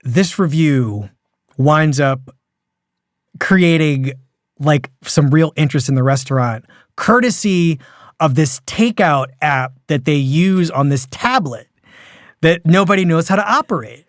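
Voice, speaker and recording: A man hosting a podcast, talking about television in an animated, storytelling way full of asides. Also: a little high, unhurried, no room sound, clean studio sound. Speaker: podcast host. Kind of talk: casual critical discussion.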